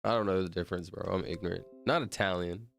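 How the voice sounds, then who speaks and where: Young dude rambling on stream, kinda low voice, bro every other line, faint music in back. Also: male voice, fast talker, gravelly, fairly bright tone. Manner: rambling, slangy, says "bro" a lot. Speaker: streamer counting out loud. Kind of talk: casual livestream chat.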